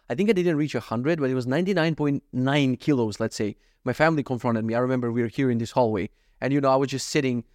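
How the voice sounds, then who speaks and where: A man with a slightly raised voice talks through a solo podcast monologue, blunt, profane and openly self-critical. The sound is dry and close, with no room echo. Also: a little high. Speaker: podcast host. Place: at home.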